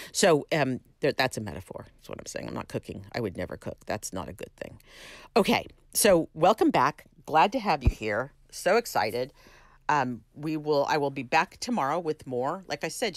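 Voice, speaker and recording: A woman's voice: low-pitched, dry recording. A middle-aged woman hosting her own podcast, talking in a chatty, self-deprecating, rambling way with many restarts. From California. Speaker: podcast host. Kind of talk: casual solo podcast monologue.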